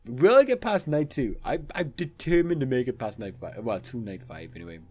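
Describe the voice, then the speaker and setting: A man's voice: mid-range voice, very animated, a little fast, a little mellow. A young man giving let's play commentary on a horror game, nervous and jumpy, pleading aloud with the game's characters. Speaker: gaming YouTuber.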